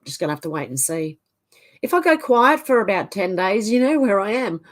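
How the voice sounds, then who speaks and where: A woman's voice: mid-range voice, big pitch swings, a little fast. A woman with an Australian accent hosts a livestream and reads viewer comments aloud, answering them in a casual, chatty way. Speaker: livestream host.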